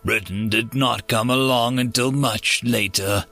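A man's voice: mid-range voice, fairly even intonation, gravelly, pushed and bright, soft background music. Man voicing stern, formal hooded Death. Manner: formal, clipped, unhurried.

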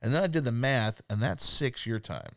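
A man's voice: mid-range voice, very animated, normal speed, creaky, bright, forceful tone, no echo, studio quality. A man hosting a casual interview, affirming his guest with short agreeing replies. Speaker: host.

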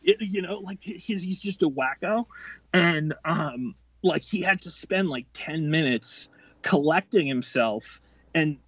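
A man's voice: a little high, lively intonation, a bit bright, husky, no room sound, muffled recording. A man in his late twenties telling a long, profane story as a podcast guest, rambling and restarting as he goes. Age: 20s. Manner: profane, rambling, quick-tempered delivery. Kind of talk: casual storytelling.

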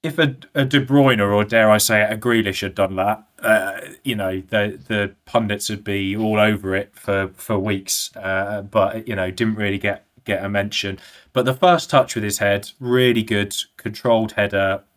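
Low-voiced man breaking down a match. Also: steady tone, moderate pace, a bit bright. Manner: analytical, detailed match breakdown. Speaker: podcast co-host. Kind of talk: casual football podcast chat.

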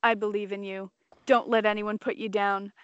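A woman's voice: medium pitch, flat delivery, normal speed, fairly bright tone, clean tone, dry recording. A woman co-hosting a live film podcast, outspoken and blunt, swearing freely in casual chat. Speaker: podcast co-host. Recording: dry, dull lo-fi sound.

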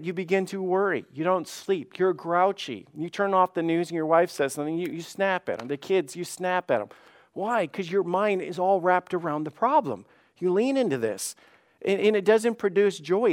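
A man who is a pastor, preaching a sermon in an earnest way, often repeating words for stress and slowing down and softening on key phrases. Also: sits high.

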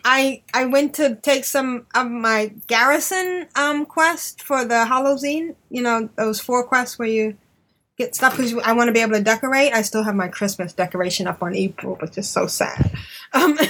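A chatty woman hosts a relaxed podcast, her voice sitting a little higher than most. She rambles through fillers and breaks into giggles as she talks. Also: moderate pace. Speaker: podcast host. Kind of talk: casual chat.

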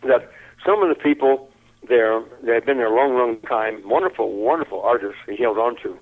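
An older man telling a lively anecdote in an interview, chuckling often and repeating his words as he goes. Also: mid-range voice, a little fast. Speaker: interview guest. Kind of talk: anecdotal storytelling. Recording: tinny phone-like line.

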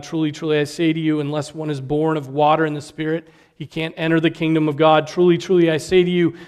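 A man's voice: on the high side, darkish tone. A man preaching a sermon in an earnest, emphatic way, often restarting words and asking "right?".

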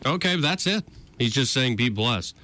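Animated bright-voiced radio host man. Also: medium pitch, moderate pace, dry recording. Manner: sarcastic, animated, conversational. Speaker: radio talk show host. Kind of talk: casual political talk radio.

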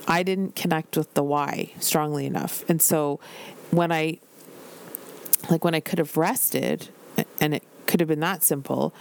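A woman's voice: low voice, slight background noise. A woman in her forties hosting a casual solo podcast, candid and chatty with lots of "like" fillers. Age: 40s. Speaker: podcast host and business coach.

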